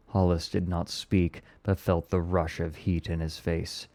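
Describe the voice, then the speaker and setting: A man reading a story aloud in a slow, measured and solemn way. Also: low-pitched, flat delivery, dark tone.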